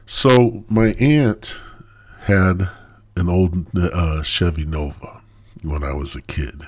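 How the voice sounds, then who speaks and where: A man's voice: deep voice, slow pace, darkish tone, breathy edge. A stoned man hosting his own podcast in a crude, rambling monologue that loses its thread. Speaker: podcast host.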